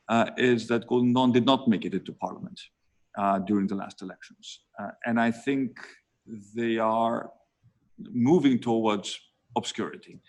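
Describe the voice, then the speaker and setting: A man with a Greek accent speaks in a low voice over a video call. He answers interview questions in measured phrases, pausing often and filling the gaps with soft hesitations. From Greece. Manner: deliberate, many pauses and filler sounds. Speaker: prime minister being interviewed.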